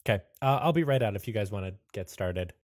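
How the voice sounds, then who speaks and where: A man's voice: lowish voice, lively intonation, fast talker, no echo. A man player in a tabletop game, joking and laughing through his lines. The sound is close and dry, with no room to it. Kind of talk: playing a character in a tabletop game.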